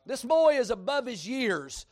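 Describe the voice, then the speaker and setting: A middle-aged man with a Kentucky accent preaching a sermon as pastor, folksy and animated, rising into shouts. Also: very high-pitched, a little slow. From Kentucky, USA.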